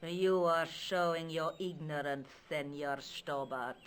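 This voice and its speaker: An actress voicing a proud, formal countess in a video game, with an imperious, dramatic manner. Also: female voice, sits low, slow pace, soft background music. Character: proud Spanish countess, haughty, bitter, later hopeful.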